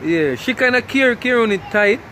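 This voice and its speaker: A man's voice: extremely high pitch, animated, moderate pace, bright, forceful tone. A man with a Jamaican accent vlogging to camera outdoors under a tree in the rain, chatty and laughing often. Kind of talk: casual vlog talk to camera.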